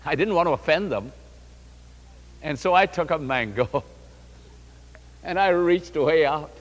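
Male preacher, sermon, animated storytelling, high voice, long hall reverb. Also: slow. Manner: animated storytelling, addresses the congregation.

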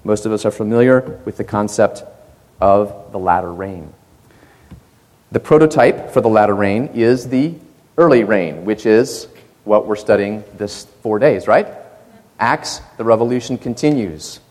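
A man preaching a sermon, telling stories with animated rises and quiet asides, recorded in a church hall. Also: lowish voice, measured pace. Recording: long hall reverb.

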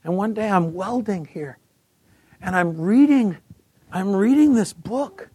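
Taking his time, a man in his fifties with a high, slightly rough voice delivers an energetic testimony sermon, acting out others' voices and repeating words. The recording is dry and of studio quality.

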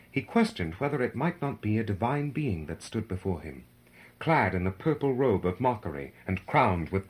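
A man's voice: lowish voice, rough recording. A man giving a solemn, dramatic reading of a devotional narrative, rising in force for the crowd's cries. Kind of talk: scripted narration of a devotional book.

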